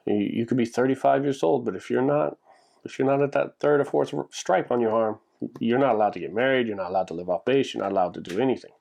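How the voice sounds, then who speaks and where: A man living in Japan vlogs in a mid-range, creaky, slightly mellow voice. His casual storytelling monologue rambles along, packed with "like" and restarts.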